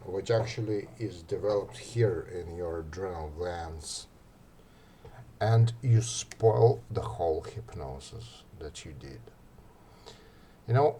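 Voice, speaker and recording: A man explaining relaxation technique in a soft, hesitant, instructional way, sometimes dropping almost to a whisper. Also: sits low, slight background noise. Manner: slow, soft-spoken, drops to near-whisper for example phrases; hesitant, many fillers. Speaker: ASMR artist giving advice. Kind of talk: instructional talk.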